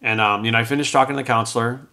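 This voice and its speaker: His voice is medium-pitched, pushed and bright, with fairly even intonation and a very fast pace. A middle-aged man who coaches fitness and hosts a podcast, he rambles conversationally through a story from his own life, playing out the quoted dialogue.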